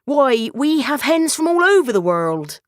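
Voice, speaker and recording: A woman's voice: high-pitched, big pitch swings, measured pace, dry recording, voice pushed up. A chatty storybook bird merchant as a woman puts him on, with a salesy patter that bounces up and down. He rattles through his wares in an obliging way. The voice is dry and close.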